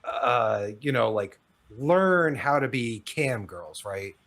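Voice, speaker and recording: Male podcast host, animated and excitable, loose rambling talk with swearing. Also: medium pitch, takes it slowly. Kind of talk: casual podcast interview.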